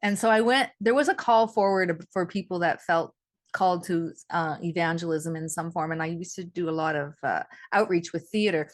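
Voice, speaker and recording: A middle-aged woman hosting an interview, telling a story in a lively, animated way. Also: on the low side, moderate pace. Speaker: host.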